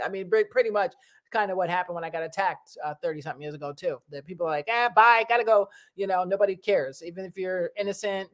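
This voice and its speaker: Chatty middle-aged New woman. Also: medium pitch. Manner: rambling, chatty, with animated quoted voices. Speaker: vlogger. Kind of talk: casual monologue to viewers.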